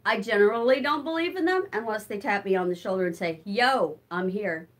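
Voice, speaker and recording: A fast talker with a sing-song, mid-range voice, the older vlogger chats on a live stream while handling chores around her home. She is winded from moving between rooms, reads viewer comments aloud and answers them, and is warm toward her cats.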